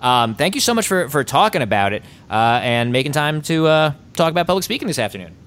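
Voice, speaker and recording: A man's voice: on the high side, sing-song, fast talker, a bit bright. A man hosting a podcast interview, talking casually with some fillers.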